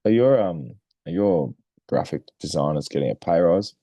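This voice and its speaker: A man's voice: deep voice, lively intonation, moderate pace, dark tone, dry recording. An Australian man co-hosting a casual sports podcast, trading wry jokes and banter. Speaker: podcast co-host.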